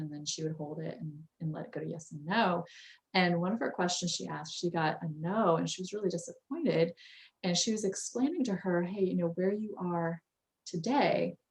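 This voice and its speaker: A woman in her thirties hosting a casual interview, chatting with frequent fillers and restarts. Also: fairly low pitch. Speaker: host.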